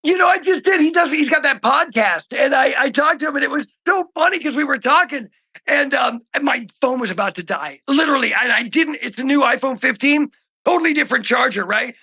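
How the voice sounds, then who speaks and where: High, gravelly-voiced middle-aged man, excitable. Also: brisk. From Oregon. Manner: excitable storyteller, swings from shouting to hushed. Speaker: guest musician. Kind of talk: casual interview chat.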